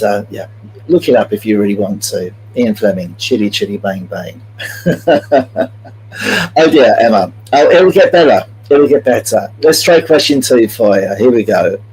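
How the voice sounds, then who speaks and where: A man's voice: on the low side, expressive, unhurried, darkish tone, slightly rough, rough recording. A man hosting a live-streamed multiple-choice quiz, chatty and jokey, greeting viewers by name as he reads out the questions. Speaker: quiz host.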